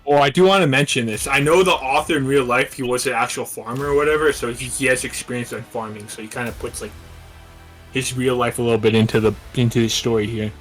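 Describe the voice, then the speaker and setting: A man's voice: medium pitch, steady tone, quick pace, a bit bright, faint music behind, rough recording. A man co-hosting a casual book discussion podcast, speaking hesitantly with stammering restarts. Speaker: podcast co-host.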